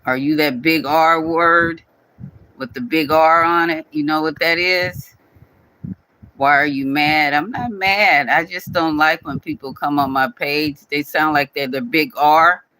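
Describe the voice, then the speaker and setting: Scolding man, bright close voice. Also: fairly high pitch, fairly even intonation, measured pace, no room sound, rough recording. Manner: scolding, repetitive, speaks directly to viewer. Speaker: channel owner addressing a commenter. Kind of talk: casual scolding vlog rant.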